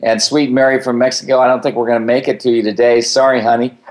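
A man co-hosting a call-in radio show, talking in a relaxed, joking way. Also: mid-range voice, fast. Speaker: co-host. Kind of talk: casual radio chat.

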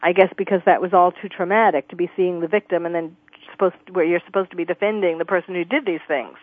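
A woman's voice: lowish voice, steady tone, fast talker, dry recording. Radio host woman, tinny sound. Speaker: radio talk show host. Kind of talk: radio interview.

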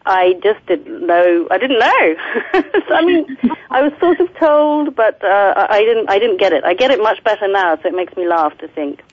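A woman calling in to a talk show, laughing easily and pausing with ums. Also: mid-range voice, lively intonation, dull audio. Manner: warm, laughing, hesitant with ums. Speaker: actress guest. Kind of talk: casual phone-in chat.

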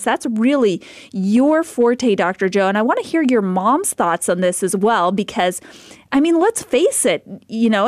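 A woman's voice: medium pitch, dry recording, studio quality. A woman in her forties hosting a radio talk, thoughtful and rambling as she shares her views. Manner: thoughtful, rambling, restarts phrases. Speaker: radio host.

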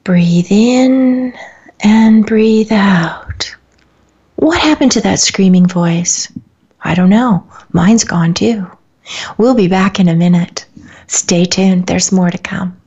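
Brief: female radio host, hushed husky delivery, dull lo-fi broadcast sound. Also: on the low side. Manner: soft, hushed, slow and soothing. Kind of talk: guided breathing and imagery exercise.

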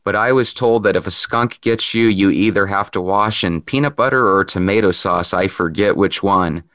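A man's voice: low-pitched, normal speed, fairly bright tone, no room sound. A male talk-show host interviewing a caller, asking curious questions and cutting in with playful remarks.

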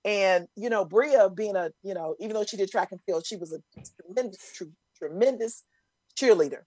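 A middle-aged woman chatting casually and telling lively stories, acting out other people's voices as she goes. Her voice is mid-pitched, and the sound is dry and close. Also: moderate pace, no echo. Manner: animated storytelling, acts out voices. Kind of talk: casual chat.

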